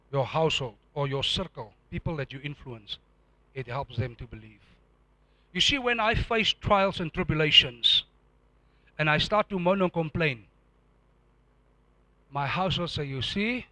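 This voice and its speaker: Male pastor, animated sermon, high voice, bright tone, dry sound. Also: a little slow, long pauses, no room sound. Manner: animated preaching, rhetorical questions to the congregation.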